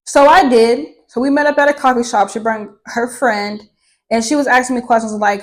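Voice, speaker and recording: A young woman vlogger telling her own life story to camera in a candid, profane, animated way. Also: fairly high pitch, normal speed, low-quality recording. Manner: candid and profane, swears freely; animated, with laughter.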